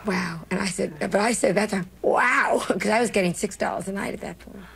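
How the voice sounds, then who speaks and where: Gravelly New woman telling stories. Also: mid-range voice, a little fast. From New York. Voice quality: gravelly, husky. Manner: animated storyteller acting out quoted lines. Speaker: comedian interview guest. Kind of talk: television interview recollection.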